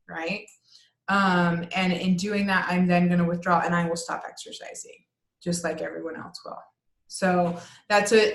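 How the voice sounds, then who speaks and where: A woman's voice: mid-range voice, a bit bright. Earnest woman coach, roomy sound. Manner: earnest, conversational, frequent "right?" check-ins. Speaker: coach teaching a transformation course. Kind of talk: online class talk. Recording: roomy echo.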